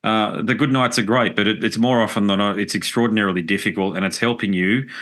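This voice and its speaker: Low-voiced chatty podcast host man. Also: fairly even intonation, quick pace, a bit bright. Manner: chatty, anecdotal storyteller. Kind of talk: casual podcast conversation.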